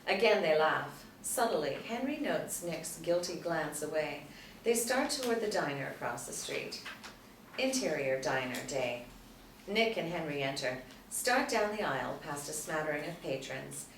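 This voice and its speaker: In a roomy space where she sounds distant over a faint hum, a woman narrates the action lines of a screenplay at a table read. Her voice is very low for a woman, and she keeps a measured pace and a plain, steady, even delivery throughout.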